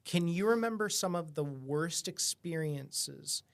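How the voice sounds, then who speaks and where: A man's voice: on the high side, lively intonation, gravelly. Easygoing male podcast host. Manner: easygoing, quick to laugh, asks questions. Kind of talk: interview questions, casual chat.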